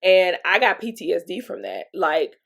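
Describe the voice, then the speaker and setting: Her voice is fairly low, sing-song and gravelly with a fairly bright tone, and she talks at normal speed. This Southern US woman vlogger shares a personal story casually and candidly, laughing between lines and sniffling because of allergies.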